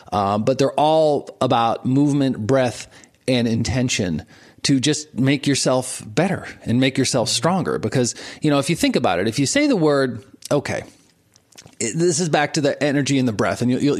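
A man who coaches entrepreneurs talks through breath and intention in an easygoing, conversational manner. He chuckles often and repeats words while he thinks, and his voice sits at a medium pitch.

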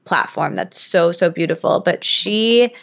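A woman's voice: on the low side, animated, measured pace, gravelly, dull audio. Chatty storytelling woman from Michigan. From Michigan, USA. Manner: chatty, storytelling with many fillers. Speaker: podcast guest. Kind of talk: casual podcast conversation.

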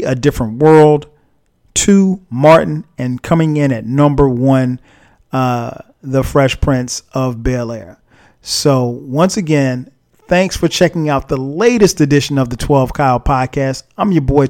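A man's voice: fairly high pitch, darkish tone, clear, resonant tone. A man hosting his own podcast, talking casually and unhurriedly with frequent fillers. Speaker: podcast host.

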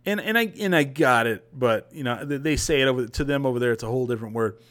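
Speaking fast in a mid-range voice, a young podcast host on a livestream spins out a lengthy tale. His telling is loose and rambling, peppered with swearing and lively energy.

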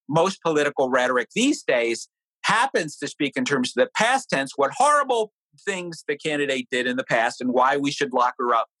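A man's voice: no echo, poor audio. A middle-aged man, an author being interviewed, explaining ideas and telling a family anecdote in a conversational way. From New Hampshire. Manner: animated storyteller, lively pitch. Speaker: author and guest.

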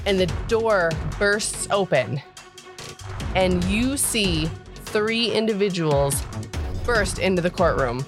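A woman's voice: mid-range voice, lively intonation, slow pace, over music. A woman narrating as game master of a tabletop game, casual and giggly.

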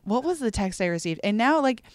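A woman's voice: a little high, fairly quick, dry recording, clean studio sound. A woman co-hosting a podcast in casual chat, telling stories with energy and acting out the voices of people she quotes. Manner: animated storyteller, acts out quoted voices. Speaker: podcast co-host.

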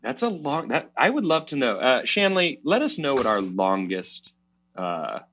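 Man, podcast co-host, bright forward voice, upbeat, agreeable, casual chat. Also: mid-range voice, sing-song, slight background noise. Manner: upbeat, agreeable, quick asides.

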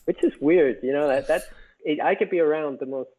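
A man from Scotland with a softened Scottish accent, chatting casually as a podcast guest, rambling and correcting himself as he goes. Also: on the high side, a little fast, slight background noise. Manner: rambling, self-correcting, chuckles often. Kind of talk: casual chat. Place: home in Vietnam. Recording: tinny phone-like remote call.

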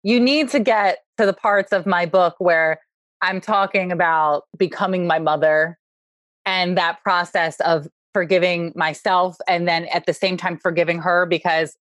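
A woman author as a podcast guest, telling stories quickly and playfully, laughing often and swearing. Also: lowish voice, fairly even intonation, fairly bright tone, dry recording, studio quality. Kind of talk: casual chat.

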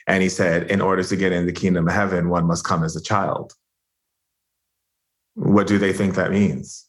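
A man's voice: deep voice, flat delivery, normal speed. A man hosting a conversation, effusive and enthusiastic with his guest. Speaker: host. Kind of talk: conversational interview.

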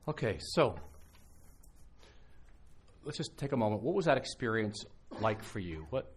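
A man, a pastor, gives a conversational sermon at a live conference, speaking a little slowly in a voice on the low side with slight background noise. He's animated, telling stories with frequent restarts.

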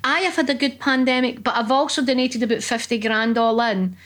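A middle-aged woman with a Scottish accent, a comedian telling lively, profane anecdotes in casual conversation. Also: a little high, brisk. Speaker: comedian guest. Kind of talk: casual chat.

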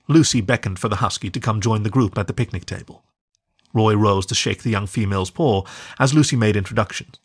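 A man reading a storybook aloud as the storyteller, in an expressive, measured way. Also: fairly low pitch, breathy edge. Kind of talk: scripted narration.

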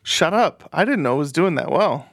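A man's voice: fairly high pitch, expressive, normal speed, creaky, a bit bright, no echo, studio quality. A man co-hosting a casual movie podcast, laughing often and plugging the show's links. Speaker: podcast co-host.

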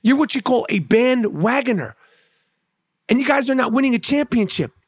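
A man's voice: extremely high pitch, lively intonation, moderate pace, slightly rough, no echo, studio quality. A male comedian delivering a heated, profane sports rant, blunt and sarcastic, stumbling over repeated words.

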